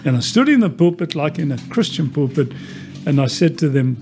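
A man's voice: on the high side, expressive, a little fast, creaky, music in the background. A man preaching a sermon who tells stories and asks rhetorical questions. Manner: storytelling, rhetorical questions, many quoted exchanges.

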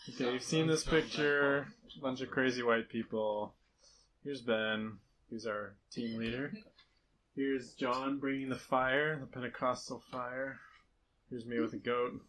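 A man's voice: mid-range voice, unhurried, slight background noise, poor audio. A man giving a casual slideshow talk to a church group about a mission trip, telling stories with lots of laughter. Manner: storytelling, animated, laughs often.

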